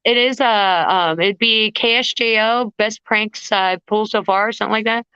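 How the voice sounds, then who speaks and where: A woman guest vocalist telling stories in a casual interview, animated and acting out the people in them. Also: medium pitch, moderate pace, smooth, no echo, dull audio. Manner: animated, acts out voices in anecdotes.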